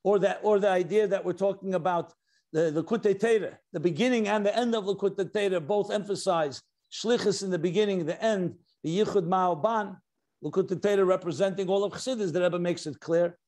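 High-voiced man giving a Torah lecture. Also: brisk, darkish tone. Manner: explanatory, stressing key words, mixing in Hebrew and Yiddish terms; reads quoted passages aloud. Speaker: rabbi teaching a class.

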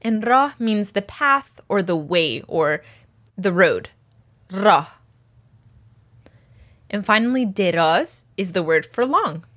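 Woman teacher, patient and methodical, mid-range voice, repeats vocabulary slowly for students. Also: mid-range voice, lively intonation, fairly bright tone. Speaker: language teacher. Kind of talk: step-by-step language lesson.

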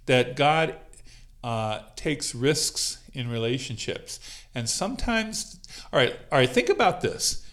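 A man's voice: mid-range voice, fairly bright tone. A man leading a Bible study, talking it through informally with frequent fillers and light laughs. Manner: conversational, many fillers and laughs. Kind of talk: informal teaching on a call.

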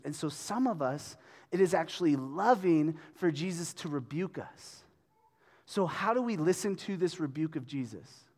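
A man's voice: fairly high pitch, a little mellow. A man giving a sermon as a pastor in a conversational way, often checking in with the room. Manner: conversational, checks in with "right?" and "okay?". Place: church hall. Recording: long reverb of a hall.

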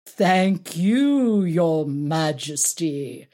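A woman's voice: mid-range voice, very animated, slow, voice pushed up, full character voice. A woman voicing an older male stage actor, a sardonic veteran who gossips and mocks in a storybook reading. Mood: mocking. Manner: mocking, gossipy.

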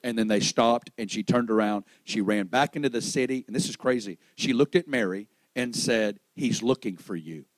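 A man preaching a sermon to a church service, swinging between loud, raised peaks and hushed, low lines and acting out the voices of the people in his story. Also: moderate pace, few pauses, no echo, poor audio. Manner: acts out quoted voices in storytelling.

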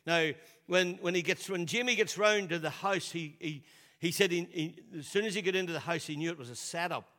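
A man's voice: a little fast, sharp tone, big-room sound. A man preaching a sermon in a loose, conversational way, often repeating and restarting his words. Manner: conversational, repeats himself, drops to a low voice for quotes. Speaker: pastor.

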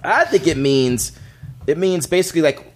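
A man co-hosting a podcast, explaining a segment in animated casual banter with many restarts, seated at a studio table. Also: fairly high pitch, normal speed, slight background noise. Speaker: podcast co-host presenting a segment.

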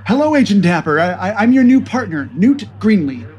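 A man's voice: high voice, very animated, fairly quick, a little mellow, voice pushed up. A man voicing a nervous young male rookie spy who stammers and trips over his words. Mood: nervous eager.

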